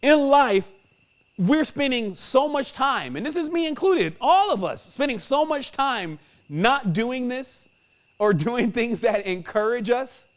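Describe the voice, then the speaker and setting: Podcast host, male, high voice, slangy and emphatic, easy chuckle. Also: animated, slow pace. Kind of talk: spiritual podcast monologue.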